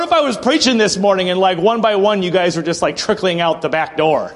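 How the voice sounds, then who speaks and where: A man with a high voice preaching a sermon. He tells the story with lively energy and throws in sudden acted outbursts. He clears his throat often as he goes. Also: fairly quick. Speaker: pastor.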